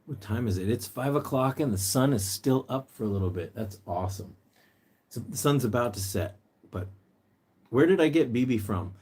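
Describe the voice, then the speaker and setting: A man hosting a casual livestream, chatting and reading viewer comments aloud, sometimes jumping into a high sing-song voice to coax his pet bird. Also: animated, normal speed, a little mellow, breathy edge. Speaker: pet rescue livestream host.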